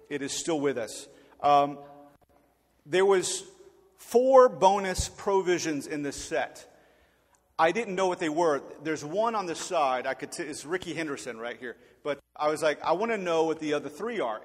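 Animated preacher in his forties, echoey hall. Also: a little high. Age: 40s. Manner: animated, humorous storytelling with acted-out voices. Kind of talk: storytelling sermon.

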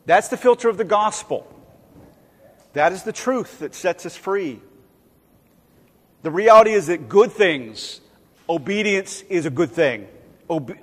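A man preaching a sermon in a conversational way, acting out quoted voices now and then. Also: fairly high pitch. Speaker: pastor. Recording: long hall reverb.

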